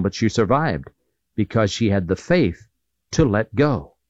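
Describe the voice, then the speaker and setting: A man's voice: on the high side, dry recording, dull audio. A man preaching a sermon, reading scripture and telling an illustration with earnest emphasis.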